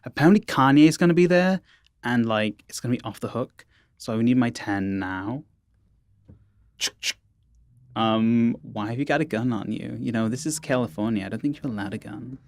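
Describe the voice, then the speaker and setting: A man's voice: medium pitch, a little fast, a little mellow, close to an everyday voice. A man putting on a whiny Valley-talking tanning customer. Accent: put-on Valley.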